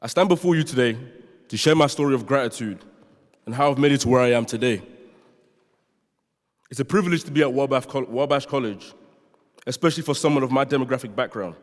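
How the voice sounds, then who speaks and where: A young man from London, Nigerian-born, delivers an earnest prepared speech as a student speaker in a large chapel, now and then joking with the audience. His mid-range voice moves at a quick pace broken by long pauses, and he has a London English accent. The chapel hall gives the recording a long reverb.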